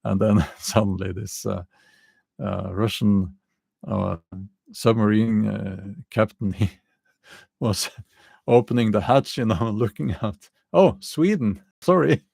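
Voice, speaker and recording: A man with a non-native English accent, hosting a casual livestream and answering chat comments in a halting way, with many fillers and frequent chuckles. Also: lowish voice, steady tone, creaky, mellow, slightly rough, no room sound. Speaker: channel host answering live chat.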